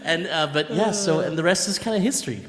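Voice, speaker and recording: Animated storytelling man in echoey hall. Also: fairly high pitch, quick pace. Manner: animated, laughing, acts out quotes. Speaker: band member, musical guest. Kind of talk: casual storytelling. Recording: long hall reverb.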